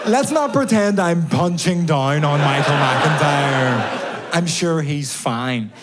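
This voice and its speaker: A man's voice: fairly high pitch, animated, slow pace, very noisy. A Northern Irish man in his thirties doing a stand-up set in a club, ranting with sardonic, mock-exasperated edge. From Belfast, Northern Ireland. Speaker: stand-up comedian. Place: comedy club basement with a live audience. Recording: live club recording with audience laughter. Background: audience laughter and applause.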